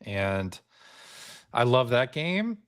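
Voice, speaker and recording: A man's voice: mid-range voice, sing-song, extremely slow, fairly bright tone, clear, resonant tone. A man co-hosting a podcast, talking casually and enthusiastically with plenty of fillers. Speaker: podcast co-host. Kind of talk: casual chat.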